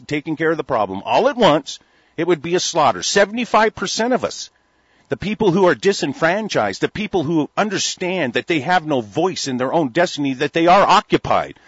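A man's voice: fairly high pitch, slightly rough, no room sound. A man from the United States in a heated, rambling talk-radio rant, stammering through restarts and swearing freely. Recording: dull lo-fi recording.

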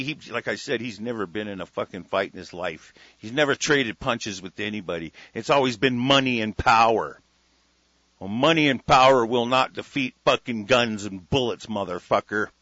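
A man hosting a solo talk radio show, ranting with heavy profanity, dropping from muttered asides to loud declarations. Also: medium pitch, dry recording. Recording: lo-fi radio broadcast sound.

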